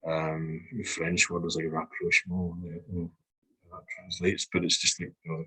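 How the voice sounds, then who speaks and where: A man's voice: sits low, level tone, normal speed, bright, forceful tone, breathy edge, low-quality recording. A man with a Scottish accent, a guest speaking frankly and reflectively in a podcast conversation, swearing freely.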